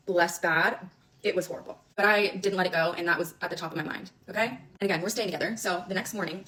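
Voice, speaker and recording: A woman's voice: fairly low pitch, fairly bright tone, low-quality recording. A young woman in casual storytime, chatty and blunt, often checking in with the listener with asides. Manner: fast, chatty, swearing, frequent "okay?" asides. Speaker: TikTok storyteller.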